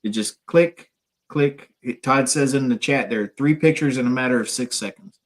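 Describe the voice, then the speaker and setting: A man's voice: mid-range voice, moderate pace. A man with a Midwestern American accent chatting casually as a guest on a paranormal radio show, rambling with lots of fillers and restarts.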